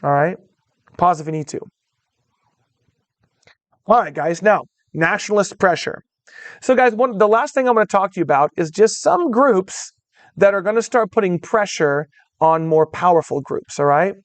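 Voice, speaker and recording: A man's voice: high voice, expressive, moderate pace, long pauses, no room sound. Upbeat male history teacher, dry close mic. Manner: conversational, addresses students as guys, checks in with all right; acts out voices of historical groups in quotes. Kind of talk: recorded classroom lecture.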